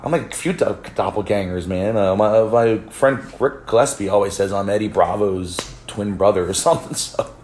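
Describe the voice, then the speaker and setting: A man's voice: lowish voice, normal speed, a little mellow, echoey room, a little hiss or hum. A man from the United States telling a story in a rambling vlog, with many restarts, swearing and laughs. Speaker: vlogger. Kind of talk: casual storytelling.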